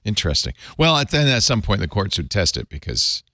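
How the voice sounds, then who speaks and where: A man's voice: brisk, no room sound, clean studio sound. A man hosting a casual tech panel chat, chatty and joking, who grew up in Rhode Island. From Rhode Island, USA. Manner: chatty, jokey, lively pitch swings. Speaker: host.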